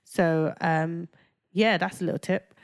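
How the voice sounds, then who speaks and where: A woman co-hosting a casual podcast chat. She talks animatedly and sounds exasperated, and her voice climbs high whenever she quotes someone. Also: measured pace. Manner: animated, exasperated, jumps higher when quoting. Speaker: podcast co-host.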